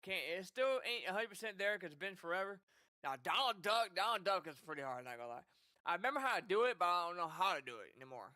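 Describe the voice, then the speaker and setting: Young streamer dude, swears a lot, laughs, bright voice that jumps around. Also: male voice, high-pitched, animated, quick pace, no echo. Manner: loose, profane, laughs often. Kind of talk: casual gameplay commentary.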